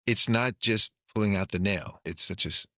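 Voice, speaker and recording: A man's voice: on the low side, moderate pace, pushed and bright, dry recording, clean studio sound. A man hosting a podcast, reflecting thoughtfully in a casual conversation. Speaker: podcast host.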